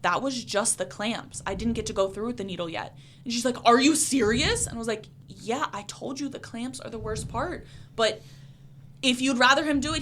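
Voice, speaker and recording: A woman body piercer co-hosting a casual podcast chat, telling stories with lively acted-out dialogue. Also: a little high, slight background noise. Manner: animated storyteller acting out dialogue.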